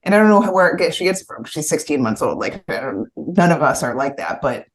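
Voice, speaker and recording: Woman, 30s, low voice with lively pitch swings, animated casual storyteller. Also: fast talker. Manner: animated, mimics her kids' voices.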